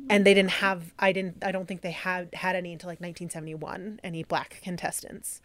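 A woman's voice: lowish voice, little pitch movement, brisk, no echo. Woman podcast host chatting casually, laughs a lot, dry close sound. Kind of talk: casual chat.

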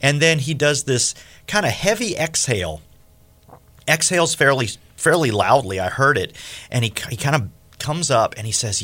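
Man, radio host, lively storytelling voice, jumps high for quoted lines, middle pitch. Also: normal speed. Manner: animated, acts out quoted speech with big pitch jumps. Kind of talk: storytelling in a faith radio interview.

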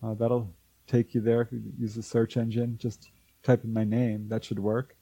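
The speaker is a man, an author and UFO researcher, telling an extended story during an interview and acting out the voices of those he quotes with animation. His voice runs on the low side and slightly rough at a normal speed, recorded with no room sound and poor audio.

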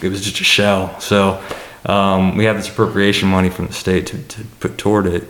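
A man with a low voice talks through campus plans on a panel, halting and restarting often. The room is echoey. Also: little pitch movement, a bit bright, a little hiss or hum. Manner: hesitant, many fillers and restarts. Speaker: college administrator. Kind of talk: panel discussion answer.

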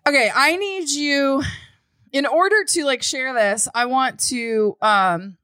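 A woman in her forties co-hosting a podcast over a video call, chatting casually and reacting with animated exclamations and laughter. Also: sits high, takes it slowly, dry recording. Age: 40s. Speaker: podcast co-host. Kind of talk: casual chat. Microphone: remote call.

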